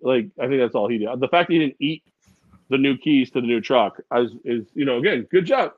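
A man co-hosting a podcast, telling funny stories in a casual, animated way and sometimes putting on voices. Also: mid-range voice, fairly quick, dry recording, phone-quality sound. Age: adult with a daughter. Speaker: podcast co-host. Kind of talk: casual chat.

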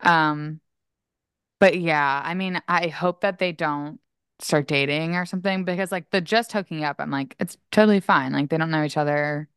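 A woman's voice: low-pitched, normal speed, clear, resonant tone, no room sound, clean studio sound. A young woman co-hosting a podcast, chatting casually and peppering her talk with "like". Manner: chatty, lots of "like" fillers. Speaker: podcast co-host. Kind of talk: casual chat.

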